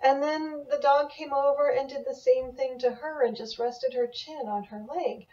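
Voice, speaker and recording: A middle-aged woman, an animal communicator, telling a student story in an enthusiastic, animated mentoring talk. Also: high-pitched, moderate pace. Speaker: animal communicator teaching a class. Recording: dull, lo-fi audio from a distance.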